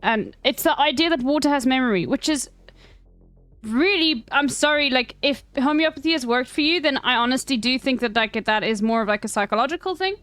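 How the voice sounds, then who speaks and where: High, dry South African woman streamer. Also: a bit bright, no room sound, faint music behind. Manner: wry, swearing asides, halting restarts. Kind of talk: casual chat reading an article aloud.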